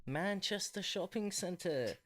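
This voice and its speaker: A man's voice: sits high, animated, takes it slowly, pitched above the performer's own voice. A man putting on a brash, swearing male talent scout, coaxing a kid to join a band. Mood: pushy.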